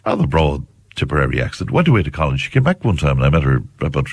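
A man's voice: a bass voice, very animated, fast talker, gravelly, slightly rough, dry recording, studio quality. A male radio host chatting casually with a guest, easygoing and asking friendly questions. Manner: easygoing, chuckling, asks leading questions.

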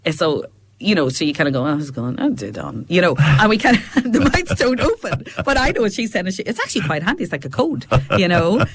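A woman's voice: mid-range voice, fast talker, a little hiss or hum. A Northern Irish woman from Fermanagh, a regular guest on a radio show, chatting and telling anecdotes with lots of laughter. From Fermanagh, Northern Ireland. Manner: chatty, animated, laughs often, tells anecdotes. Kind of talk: casual radio chat.

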